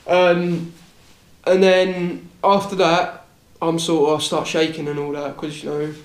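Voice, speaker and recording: A man's voice: fairly high pitch, completely flat delivery, a little slow, reverberant. A young man on a casual podcast, telling a rambling story, repeating words and swearing casually. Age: young adult. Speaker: podcast host.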